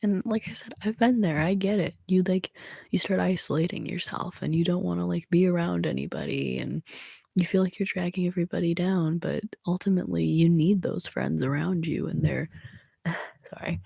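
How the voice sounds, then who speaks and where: Young adult ASMR streamer: dark, husky, soft-spoken, whispery chat. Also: medium pitch, a little fast, dry recording, clean studio sound. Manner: soft-spoken, drifting in and out of whispers, rambling and emotional. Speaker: ASMR livestreamer. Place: small room at home.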